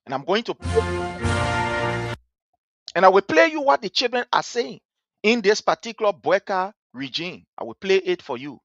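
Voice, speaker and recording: A woman's voice: medium pitch, dry recording, studio quality. A woman hosting a political talk show, speaking in an emphatic, repetitive, sermon-like way. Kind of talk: political commentary monologue.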